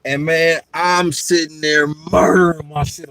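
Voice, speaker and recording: A young man and podcast host telling stories in a casual chat, profane and animated, often breaking into laughter. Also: a little high, measured pace, gravelly, poor audio.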